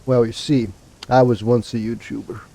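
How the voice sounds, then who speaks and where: A man's voice: mid-range voice, little pitch movement, moderate pace, creaky, mellow. A man streaming a video game, chatting casually to his viewers and rambling with fillers and restarts. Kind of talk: casual let's-play commentary.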